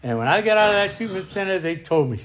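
A man with a slightly higher voice shares his own recovery testimony. He talks emphatically, often tags his sentences with "right?", and slows down and climbs in pitch when anger comes up. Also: animated, fairly bright tone. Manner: emphatic, rising and slowing when angry, tag questions "right?". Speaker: speaker sharing at a recovery meeting.

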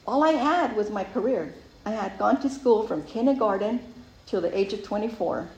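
A woman giving a personal recovery testimony, telling her story in a lively way and acting out her past thoughts. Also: medium pitch, moderate pace, dull audio. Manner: animated storyteller who acts out her own past thoughts. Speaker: speaker sharing a recovery story. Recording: roomy sound with faint ambience.

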